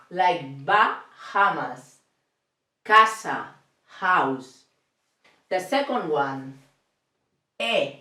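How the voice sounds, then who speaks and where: A woman teaching a beginner language lesson, speaking slowly and deliberately and repeating each sound with frequent checks for understanding. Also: mid-range voice, pushed and bright, recorded from a distance. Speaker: Spanish teacher. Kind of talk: slow step-by-step language lesson. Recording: echoey room, voice off the mic.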